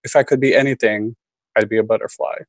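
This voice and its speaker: A man's voice: on the low side, steady tone, fast talker, no echo, low-quality recording. A man reading his own list poem aloud at a student reading, understated and dry. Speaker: MFA student reader.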